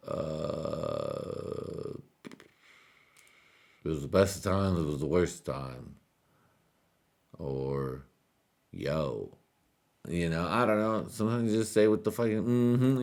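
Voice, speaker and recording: A stoned man hosts a podcast with a very low voice. He rambles and swears through a loose monologue, and his talk keeps drifting and breaking into laughter. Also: creaky, a little mellow. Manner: rambling, profane, laughs often. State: high. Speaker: podcast host.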